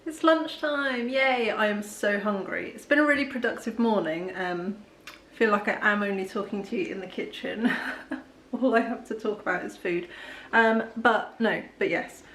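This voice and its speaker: A young woman talks her way through a relaxed home vlog in her kitchen. Her voice sits at an ordinary middle pitch, and she rambles along with frequent ums and small laughs. A faint hiss sits under the recording. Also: moderate pace. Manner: chatty, rambling, laughs often, many ums. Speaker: vlogger. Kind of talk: casual day-in-the-life vlog.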